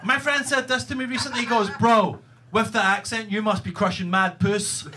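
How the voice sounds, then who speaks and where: A man's voice: high voice, steady tone, moderate pace. A Scottish man doing a stand-up comedy set, wry, self-mocking, brash and profane. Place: comedy club stage, live audience. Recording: live club recording with audience noise.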